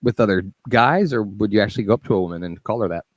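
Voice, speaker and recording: A man co-hosting a casual live show, asking wry quick follow-up questions. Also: fairly low pitch, no echo. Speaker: co-host. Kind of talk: casual chat.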